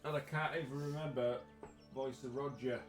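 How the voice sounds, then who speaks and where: A man's voice: medium pitch, fairly even intonation, normal speed, soft background music. A man with a northern English accent, narrating a tabletop game as game master in a chatty, self-deprecating way, close to the mic.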